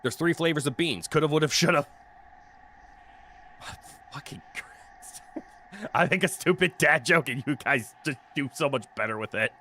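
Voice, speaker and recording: A man's voice: on the high side, moderate pace, pushed and bright. A man streaming a video game in casual commentary, joking, swearing freely and laughing often, into a desk mic with a noise canceller.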